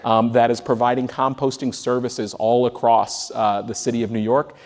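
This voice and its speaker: A man on a discussion panel who tells lively anecdotes, often restarting his sentences. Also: mid-range voice, normal speed. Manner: animated anecdotes with frequent restarts. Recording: reverberant hall.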